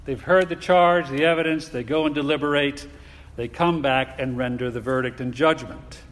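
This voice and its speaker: A man preaching a sermon in a deliberate, emphatic way, asking his listeners rhetorical questions. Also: medium pitch, fairly even intonation, a bit bright. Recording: long hall reverb.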